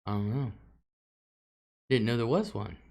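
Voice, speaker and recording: Hosting a laid-back livestream, this middle-aged woman reads viewer comments aloud in a bass voice that's creaky and a little mellow, keeping a measured pace. She chats freely, laughs often, and stretches out certain words in a drawl.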